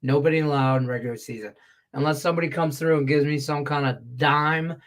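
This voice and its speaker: A man's voice: fairly high pitch, a little fast. Blunt, profane middle-aged man. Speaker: sports betting handicapper. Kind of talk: casual betting-picks show talk.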